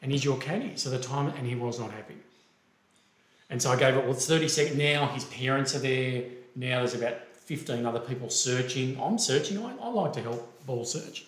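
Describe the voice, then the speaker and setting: An Australian man telling a golf story in a loose, animated way, slipping into the voices of the people he quotes. His voice sits at an ordinary middle pitch. The room around him rings with a clear echo. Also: brisk. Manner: animated, acts out quoted dialogue. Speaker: golf referee and podcast co-host. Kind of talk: casual storytelling.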